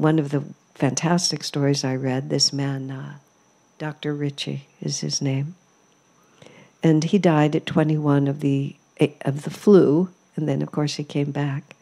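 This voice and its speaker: A woman gives a spiritual talk in an ashram, telling her stories with amused reflection. Her voice sits low and has a soft, mellow tone. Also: gravelly. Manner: warm storytelling, amused, reflective. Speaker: spiritual teacher. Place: ashram hall.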